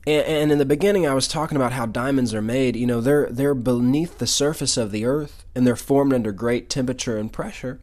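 Emphatic male preacher, even pitch. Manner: reads scripture then explains it with emphatic asides; repeats words as he restarts. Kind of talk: sermon.

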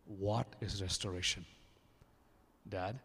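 A man from India with an Indian accent preaches a fervent, repetitive sermon, often restarting his phrases. His voice is low, husky and fairly bright, with a steady tone and a slow pace. The long reverb of a large hall surrounds him.

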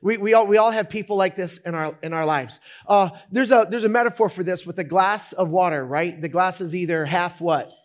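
A man preaching a sermon as pastor, talking in an animated, conversational way with many restarts. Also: high-pitched, brisk, hardly any pauses.

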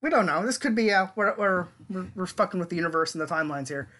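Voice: mid-range voice, expressive, a bit bright. Chatty podcast co-host in their forties. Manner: chatty, laughs often, quick asides. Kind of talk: casual chat.

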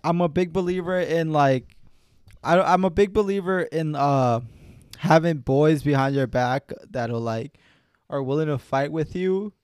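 A young man co-hosts a podcast in loose, animated chat, swearing freely and laughing often. His voice sits a little high and sounds smooth and clean. The sound is dry and close. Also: measured pace, no room sound. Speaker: podcast co-host. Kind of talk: casual chat.

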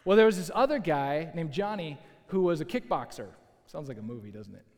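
A man preaching a sermon as a pastor, telling a story in a lively, conversational way with asides to the listeners. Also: a little high, brisk. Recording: long hall reverb.

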